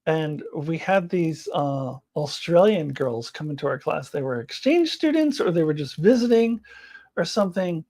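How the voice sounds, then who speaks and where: An American woman in middle age hosts a casual live chat, responding to viewer comments. Her voice sits low and mellow, with lively intonation at a normal speed. She rambles, giggles often, and lets sentences trail off amid many fillers.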